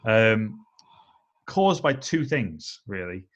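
A man co-hosting a casual football chat, weighing his points in a steady, analytical way with frequent "I think" and "um". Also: fairly low pitch, dull audio. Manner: measured, analytical, leans on "I think" and "um". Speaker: podcast co-host.

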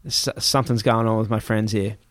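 A man with an Australian accent telling a story in a casual chat, rapid and swearing freely as he acts out what people said. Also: fairly low pitch, steady tone, no room sound, clean studio sound.

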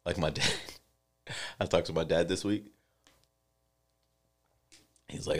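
A young man with a very low voice, co-hosting a casual podcast. He tells stories with energy, acting out the people he quotes, and jokes loosely with his co-host. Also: slow. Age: 20s. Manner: animated storytelling, acts out quoted dialogue.

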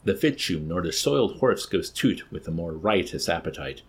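A man voicing an enraged, unstable young man who shouts and rants verse. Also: deep voice, animated, moderate pace, husky, voice pushed down, exaggerated voice. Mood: ranting. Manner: shouting, ranting recitation.

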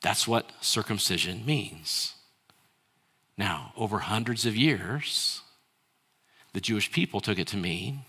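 Slow and slightly rough, the preacher's fairly low voice carries lively intonation. Moving between hushed and raised tones, he asks rhetorical questions and leads the congregation to respond and echo his lines.

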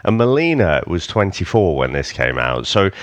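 Low-voiced wry man on a film podcast. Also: very animated, normal speed, no room sound. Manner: wry, swearing, quoting lines in put-on voices. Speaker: podcast co-host. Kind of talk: casual film review chat.

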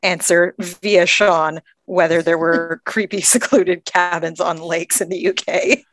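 A woman's voice: fairly low pitch, steady tone, measured pace, fairly bright tone, no room sound. A woman from Canada co-hosting a podcast, chatting casually in a rambling, wry way. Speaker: podcast co-host.

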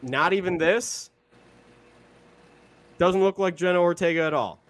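A man's voice: sits high, measured pace, no room sound. A young man co-hosting a podcast, talking in a rambling, casual way with many fillers and some swearing. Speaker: podcast co-host. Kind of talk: casual chat.

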